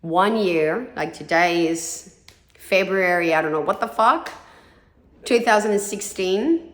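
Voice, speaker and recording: A woman's voice: fairly low pitch, animated, unhurried, a bit bright. A woman in her thirties telling her own story candidly, frank and blunt, swearing freely and acting out what others said. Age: 30s. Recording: echoey room.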